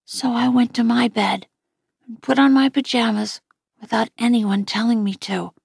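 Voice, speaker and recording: A woman reading a first-person novel aloud in a quiet, gentle voice that often drops near a whisper. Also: fairly high pitch, fairly even intonation, moderate pace, creaky, husky, no echo, clean studio sound. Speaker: audiobook reader.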